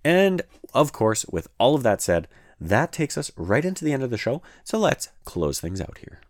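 A man's voice: mid-range voice, very animated, normal speed, no echo, studio quality. A man hosting a solo gaming podcast, talking casually and rambling, with many fillers and restarts. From Canada. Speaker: podcast host.

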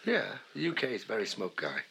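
A man's voice: on the low side, huge pitch swings, a little fast, creaky, bright, forceful tone, slight background noise. A British man co-hosting a podcast in casual banter, teasing, swearing and laughing often. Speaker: podcast co-host.

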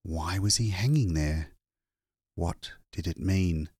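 A man reading a short story aloud as an audiobook narrator, measured and expressive. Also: deep voice, breathy edge, no echo, clean studio sound. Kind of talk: scripted narration.

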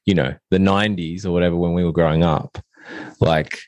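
A man's voice: low voice, fairly even intonation, brisk, a little mellow, no room sound. A man co-hosting a podcast, chatting casually and filling his talk with "like" and "you know". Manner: filler-heavy, laughs easily. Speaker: podcast co-host.

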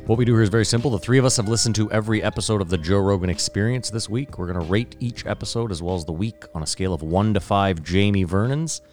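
A man's voice: lowish voice, fast talker, hardly any pauses, darkish tone, soft background music. Blunt, swearing male podcast host. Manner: profane and blunt, with loose rambling asides. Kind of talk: casual podcast chat.

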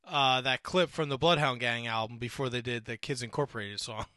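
A man's voice: medium pitch, fairly quick, bright, forceful tone, no echo, clean studio sound. A man co-hosting a casual podcast, laid-back and wry. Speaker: podcast co-host. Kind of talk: casual wrestling chat.

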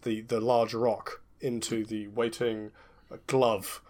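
A man running a tabletop game as game master, narrating in a relaxed, hesitant way with lots of fillers. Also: on the low side, slow pace.

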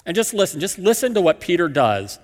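A man's voice: high-pitched, very animated, a little fast, in a large hall. A man preaching a sermon as a pastor, telling the story with emphatic, repeated phrases.

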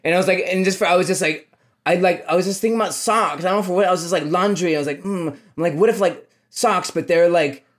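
Rambling man, podcast guest. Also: high-pitched. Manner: rambling, halting restarts. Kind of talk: casual chat.

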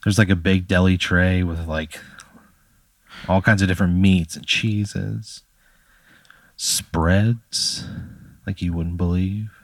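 Man, low voice, rambling improv storyteller, dry close mic. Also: steady tone, slow pace, long pauses, no echo. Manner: rambling, full of "like" fillers.

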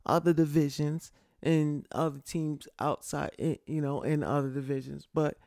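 A man from Connecticut hosts a casual solo sports show, his voice gravelly and set a little high for a man. He talks slowly and haltingly, repeating words as he rambles and gloats. The sound is dry and close. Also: steady tone, a little mellow, no room sound. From Connecticut, USA. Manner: rambling, stammering, gloating with laughs. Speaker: podcast host.

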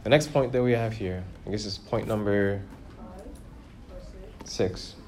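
Man preaching a lively sermon. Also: measured pace. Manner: lively, rises in pitch and volume for emphasis, asks the congregation questions.

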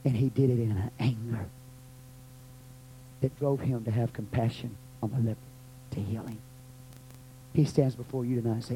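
A pastor with a Texan accent preaching a sermon, rising to loud cries and dropping to quiet murmurs. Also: male voice, steady tone, moderate pace, pauses often, a little hiss or hum, low-quality recording. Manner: fervent, swings from loud cries to low murmurs. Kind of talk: sermon with prayer.

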